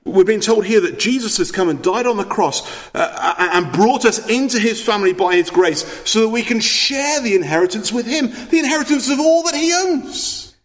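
A man's voice: high voice, animated, normal speed, hardly any pauses, fairly bright tone. A man preaching a sermon, earnest and emphatic, asking rhetorical questions and often repeating words as he presses a point.

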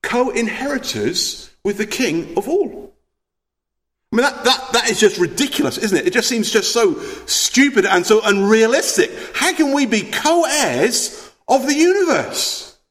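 High-voiced earnest preacher. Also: male voice, very animated, unhurried, a bit bright. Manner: earnest, emphatic, with rhetorical questions and repeated words. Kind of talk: sermon.

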